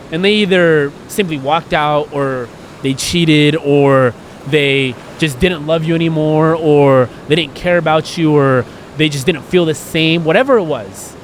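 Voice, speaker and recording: A man's voice: a little high, slight background noise. A man co-hosting a podcast, talking earnestly and emotionally in a rambling, candid way. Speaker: podcast co-host.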